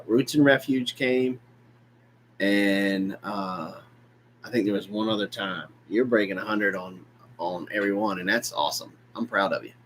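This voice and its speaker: A man co-hosting a homestead livestream, mostly murmuring quiet agreement and talking in a low-key, casual way. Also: a little hiss or hum, low-quality recording. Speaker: livestream co-host.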